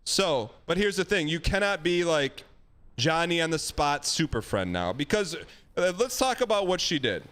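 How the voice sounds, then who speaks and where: A man with a somewhat high, lively voice gives blunt dating advice, emphatic and animated, mixing in folksy comparisons. He sounds like a host in a casual stream chat. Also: moderate pace.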